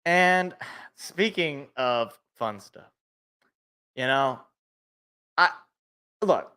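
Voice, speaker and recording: A man hosting a sports podcast alone, ranting in a rambling, animated way and cutting himself off. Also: medium pitch, very slow, clean tone. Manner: rambling, animated, self-interrupting. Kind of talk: casual solo sports rant.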